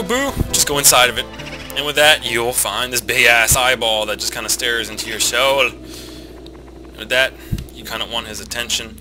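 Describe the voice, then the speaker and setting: Young male gamer, nasal, rambling let's-play commentary with loud game music behind him. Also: medium pitch, moderate pace. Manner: rambling, swearing, self-mocking asides. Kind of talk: casual gameplay commentary.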